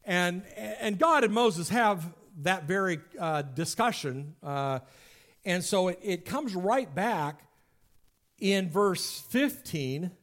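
High-voiced man teaching scripture. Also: lively intonation, slow, a bit bright. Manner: conversational, explaining step by step with restarts. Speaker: Bible teacher. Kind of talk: Bible study teaching.

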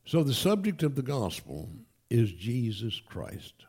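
A man preaching a sermon to his congregation, emphatic and animated, with folksy asides. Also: mid-range voice, a little slow, breathy edge. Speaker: pastor. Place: church.

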